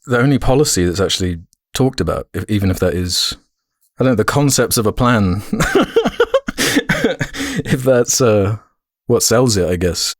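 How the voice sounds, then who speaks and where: A man's voice: on the low side, moderate pace, pauses often, no echo, clean studio sound. A man with an English accent co-hosting a podcast in casual chat, rambling with restarts and laughing often. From United Kingdom. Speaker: podcast co-host.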